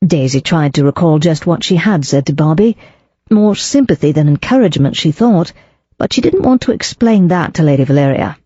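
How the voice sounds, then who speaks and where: Mellow-voiced woman narrating a mystery. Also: deep voice, expressive, a little fast, slightly rough, dry recording, lo-fi sound. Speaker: audiobook narrator. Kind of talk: scripted narration.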